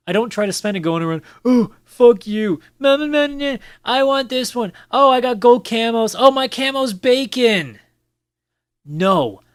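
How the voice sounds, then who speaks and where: A man's voice: a little high, no room sound. A man hosting a casual solo podcast, talking bluntly with plenty of swearing and sometimes mimicking other players in mocking voices. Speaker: podcast host. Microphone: camera with mic on a desk.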